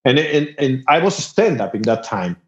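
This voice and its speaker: A man from Spain with a Spanish accent, telling stories as a musician guest on a podcast. He talks in an animated way, at a middle pitch. The recording sounds dull and lo-fi. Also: moderate pace. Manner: animated, laughing storyteller. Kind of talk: casual storytelling interview.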